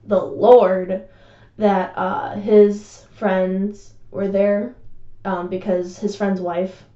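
A young woman co-hosts a casual podcast, joking and giggling through her stories with plenty of ums and uhs. Her voice sits mellow and warm. The recording sounds roomy and a little dull. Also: mid-range voice, level tone, drawn-out words. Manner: joking, giggly, chatty with many fillers. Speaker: podcast co-host.

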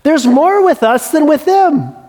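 A preacher voicing a calm, unbothered old male prophet who reassures his servant in a raised, emphatic voice. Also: very high voice, unhurried, big-room sound, pitched above the performer's own voice. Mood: reassuring.

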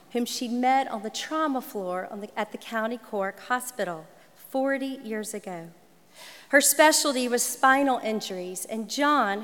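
Woman in her 40s reading her own story slow and gentle, kinda high voice, big reverby hall. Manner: gentle, measured and reflective. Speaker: minister and writer.

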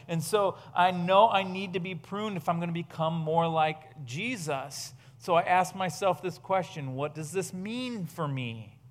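A man's voice: high-pitched, fairly bright tone. A man preaching a sermon in an earnest, questioning manner, building to emphatic outbursts. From United States. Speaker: pastor.

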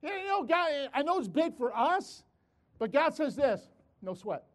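An older man preaching a sermon, telling a family story with animated delivery and repeated words, calling out to his audience. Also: very high-pitched, unhurried.

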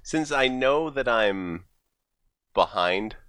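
A player at a tabletop game chatting casually, lively and given to loud high cries. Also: takes it slowly, dry recording.

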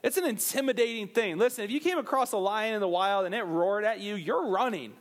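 High-voiced man preaching with animated energy. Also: a little fast. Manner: animated, jokey asides to the crowd. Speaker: pastor. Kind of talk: sermon.

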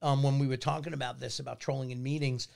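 A man's voice: medium pitch, level tone, fast talker, vocal fry, a little mellow. A man speaking bluntly and emphatically in a casual discussion. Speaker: company CEO.

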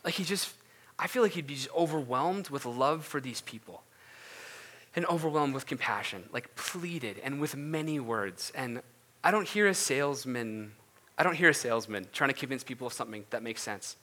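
Man, pastor, casual sermon and prayer, earnest, chatty, bright clear tone. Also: medium pitch, lively intonation, normal speed. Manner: earnest, conversational, many fillers and restarts.

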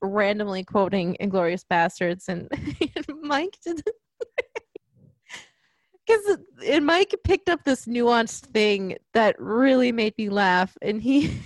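A woman's voice: medium pitch, dry recording. A woman co-hosting a podcast, chatting casually and giggling about a movie. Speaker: podcast co-host.

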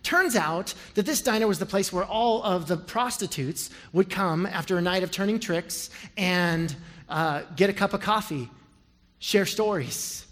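High-voiced guy preaching, quiet story bits then big loud build-ups, long church reverb. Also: measured pace. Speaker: pastor. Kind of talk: sermon with storytelling and prayer. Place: large church sanctuary.

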